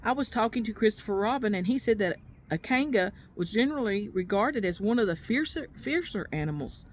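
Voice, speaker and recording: Small, nervous storybook piglet, read by a woman, mid-pitched, close to her own voice. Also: expressive, brisk, a little hiss or hum, natural voice.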